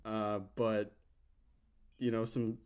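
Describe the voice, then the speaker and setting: A man voicing a nervous, awkward young man who speaks haltingly and honestly. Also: lowish voice, level tone, darkish tone, smooth. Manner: hesitant, halting.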